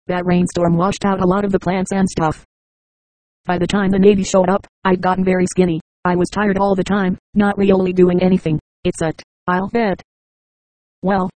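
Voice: medium pitch, flat delivery, normal speed, darkish tone, no room sound, close to an everyday voice, rough recording. An audiobook narrator voicing a cheerful, slightly smug boy who chats offhandedly. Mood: offhand. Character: cheerful boy survivor, boastful.

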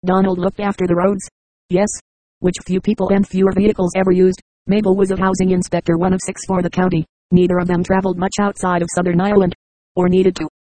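A man reading a novel aloud as an audiobook narrator, in an even, measured way. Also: high-pitched, no echo, poor audio. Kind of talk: scripted narration.

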